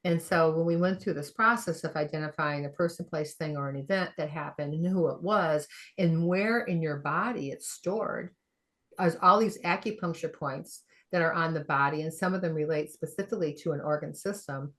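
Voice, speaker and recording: A middle-aged woman, a functional medicine practitioner, telling a story in an animated way, acting out the quoted dialogue and laughing often. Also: low-pitched, normal speed. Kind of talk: conversational storytelling.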